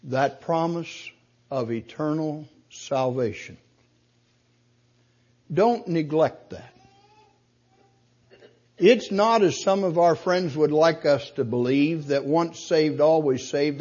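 Man, preacher, high voice, husky, emphatic sermon, dull lo-fi recording. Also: darkish tone. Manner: emphatic preaching, slows and rises to quote scripture.

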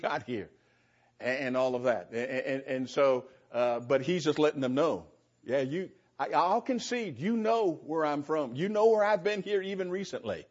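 A man's voice: on the high side, breathy edge. A middle-aged man preaching a conversational Bible-teaching sermon, chuckling often and restarting his phrases as he explains verses. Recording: dull lo-fi sound.

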